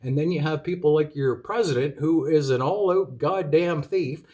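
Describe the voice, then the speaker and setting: A man's voice: fairly high pitch, normal speed, mellow. A man ranting in a monologue to his viewers, profane and exasperated, lecturing them with rhetorical questions. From Canada. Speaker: video commentator.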